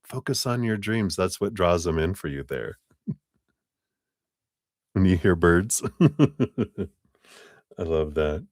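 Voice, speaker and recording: A man's voice: sits low, expressive, slow, pauses often, darkish tone, dry recording, clean studio sound. A man giving a chatty live tarot reading, laughing often as he talks. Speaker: tarot reader.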